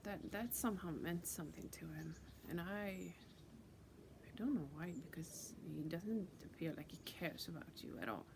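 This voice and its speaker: Speaking at a normal pace with lively intonation and a lowish voice, a woman vlogger shares an intense, profane spiritual story from her own life. She frequently whispers, starts over, and repeats herself, with noise audible behind her.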